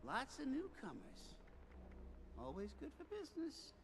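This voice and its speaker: A man's voice: very high voice, wildly swooping pitch, measured pace, exaggerated voice. An actor playing a sickly, wry male bounty office keeper in a video game, speaking in a dry drawl broken by coughs. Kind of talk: video game character dialogue.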